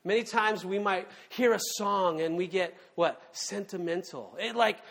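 A man preaching a sermon in a relaxed, conversational way, full of fillers and asides. He leans into key words with emphasis, and his voice sits on the higher side. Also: measured pace. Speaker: pastor.

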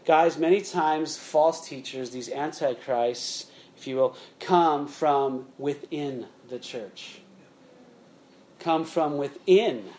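A middle-aged pastor preaches in a chatty, conversational way, frequently checking in with "okay?" and calling his listeners "guys." His voice sits on the high side, slow and a little mellow.

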